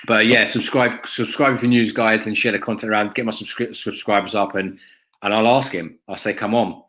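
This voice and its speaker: Brief: man, fan channel host, casual stream chat, low-pitched, blunt and profane, rambles with ums. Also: steady tone, normal speed, a bit bright. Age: adult, has a school-age son. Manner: blunt, sweary, lots of ums and "mate".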